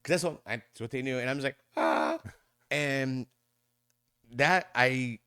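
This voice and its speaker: A man in his fifties, a podcast guest, telling a long story in a rambling way and mimicking other people's voices with sudden high squeaks. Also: fairly even intonation, slow pace, sharp tone, clean tone, dry recording, studio quality. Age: 50s. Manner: rambling with many restarts and fillers. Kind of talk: conversational storytelling.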